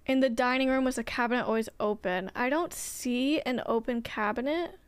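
A woman's voice: on the high side, moderate pace, smooth, dry recording. A young woman streaming a game, chatting casually with viewers in a rambling way and swearing now and then. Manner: rambling, chatty, swears often, talks to chat. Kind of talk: casual gameplay chat with viewers.

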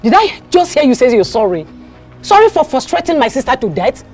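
A woman's voice: high voice, very animated, a little fast, a little mellow, soft background music. A scornful Nigerian woman. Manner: scornful, accusing. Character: bitter, sharp-tongued woman scolding a runaway husband. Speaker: sister of the dead woman. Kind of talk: Nollywood film acting.

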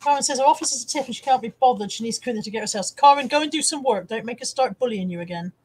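A woman's voice: high-pitched, very fast, a little mellow, slight background noise, low-quality recording. A middle-aged woman hosting a casual live stream from home. She chats and teases as she reads out viewers' comments and shows off the things she has bought to resell. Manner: chatty and teasing, reading out viewer comments. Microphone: camera on a wire, close by.

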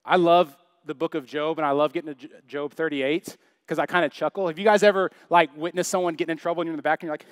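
A man's voice: fairly high pitch, steady tone, fairly quick, no echo, clean studio sound. A young adult man preaching a sermon in church, chatty and joking, full of rhetorical questions. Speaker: pastor.

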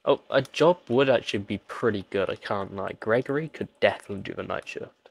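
A gaming channel host with a lowish, vocal-fried voice does jokey let's-play commentary a little fast, pleading with and teasing the characters on screen. The recording is dry.

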